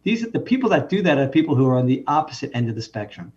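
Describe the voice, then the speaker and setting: A man's voice: medium pitch, big pitch swings, racing, darkish tone, recorded from a distance. Guy doctor rambling through a story, stops and restarts a lot, dull lo-fi sound. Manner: anecdotal, with frequent self-interruptions. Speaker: physician guest. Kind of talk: casual storytelling conversation.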